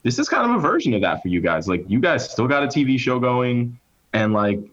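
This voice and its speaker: A man's voice: medium pitch, big pitch swings, a little fast, a bit bright, highs cut off. A man speaking as a guest in casual chat, musing in a laid-back way.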